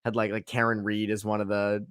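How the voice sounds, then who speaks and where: A man's voice: fairly low pitch, monotone, brisk, fairly bright tone, clear, resonant tone, no echo, studio quality. Chatty man hosting a podcast. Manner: chatty, jokey, loose with fillers. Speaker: podcast co-host. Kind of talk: casual sports podcast chat.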